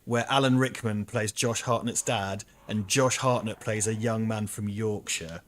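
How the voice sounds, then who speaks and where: A British man rambles through a casual stream chat, swearing freely and getting animated. His voice sits a little low. Faint noise hums under the recording. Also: a little slow. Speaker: streamer co-host.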